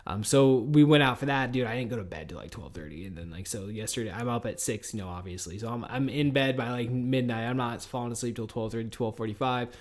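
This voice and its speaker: A podcast host in his early thirties, rambling casually and swearing a lot in a loose, animated monologue. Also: mid-range voice, quick pace, few pauses. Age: 30s. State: tired and a little high.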